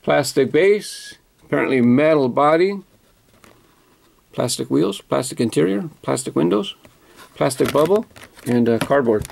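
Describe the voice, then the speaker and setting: Gravelly-voiced man chatting about collectibles. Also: medium pitch, expressive, moderate pace, a little mellow. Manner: chatty, self-correcting, enthusiastic about details. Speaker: toy car collector vlogger. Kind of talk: casual unboxing commentary.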